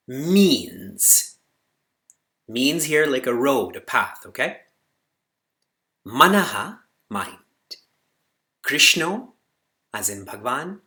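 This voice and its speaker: Slow, bright-voiced male spiritual teacher. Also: medium pitch. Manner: animated, voice climbs sharply on key words; recites Sanskrit slowly and deliberately. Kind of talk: spiritual discourse to students.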